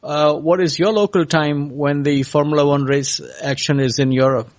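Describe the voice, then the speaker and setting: Halting male podcast host, lo-fi. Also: on the high side, fairly even intonation. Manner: halting, asks questions with many pauses. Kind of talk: interviewing a guest. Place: California.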